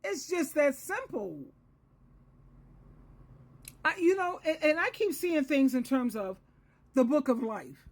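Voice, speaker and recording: A woman in her sixties with a high voice gives a solo advice monologue as a Christian counselor. She lectures earnestly and circles back to repeat key phrases for emphasis. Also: big pitch swings, takes it slowly, pauses often. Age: 60s.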